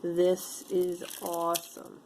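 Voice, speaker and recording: Woman, unhurried, lowish voice, chatty show-and-tell, faint hiss behind. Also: completely flat delivery, darkish tone. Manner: chatty, musing aloud, easily delighted. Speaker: vlogger sorting jewelry for sale. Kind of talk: casual show-and-tell chat.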